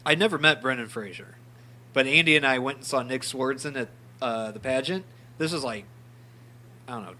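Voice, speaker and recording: Podcast co-host, man, bright voice, animated storyteller who jokes and swears, faint noise behind. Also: mid-range voice. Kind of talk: casual chat.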